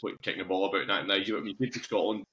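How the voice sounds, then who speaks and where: Male podcast host, quick talker, lowish voice, winding questions. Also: steady tone, pushed and bright, slight background noise. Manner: rambling, loosely phrased questions. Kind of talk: interview questions.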